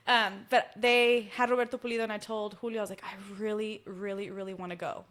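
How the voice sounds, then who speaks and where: Texan woman, musician guest, casual chat, lively storyteller who acts out the dialogue. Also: medium pitch, brisk, few pauses.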